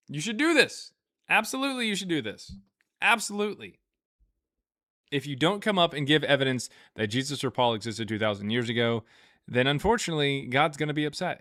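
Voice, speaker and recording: Male livestream host, bright voice, dry close mic, jokey rambling chat with viewers. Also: medium pitch, dry recording. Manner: joking, rambling storytelling with laughs; reads out viewer super chats.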